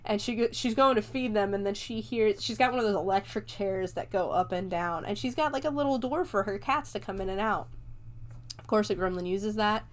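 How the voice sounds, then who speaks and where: A chatty woman hosts her own podcast, walking through a film scene by scene in loose, everyday talk. She laughs often and drops casual swears along the way, her pitch sitting in an ordinary middle range. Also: fairly quick. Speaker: podcast host. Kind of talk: casual movie review chat.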